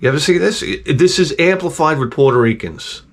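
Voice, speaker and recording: A man's voice: on the high side, expressive, a little fast. A middle-aged man hosting his own channel, telling rambling, profane stories in a casual, digressive way. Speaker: channel host.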